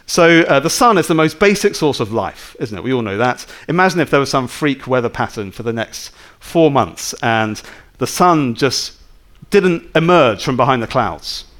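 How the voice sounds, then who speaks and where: Lively male preacher. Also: medium pitch, normal speed. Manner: conversational, full of rhetorical tag questions. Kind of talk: sermon.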